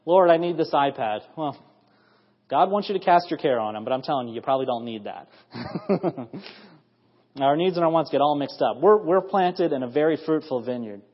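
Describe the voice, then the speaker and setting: Earnest high-voiced preacher in an echoing church. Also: male voice, lively intonation, moderate pace, pauses often, husky. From United States. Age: 30s. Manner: earnest, building to emphatic bursts with repeated praise. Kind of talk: evening church sermon. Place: church sanctuary. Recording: dull lo-fi audio in a reverberant church hall.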